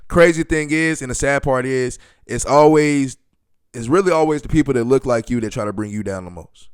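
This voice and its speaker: A man hosting a solo podcast, talking loosely and emphatically, with many fillers and sudden bursts of excitement. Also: medium pitch, brisk, smooth, dry recording, studio quality. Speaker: podcast host.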